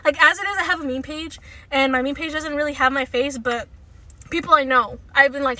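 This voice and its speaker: High bright woman podcaster cursing and laughing a lot, a bit off mic. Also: a little fast, no echo, far from the mic. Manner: loud bursts of laughter, cursing, slangy. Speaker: podcast co-host. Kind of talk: casual chat.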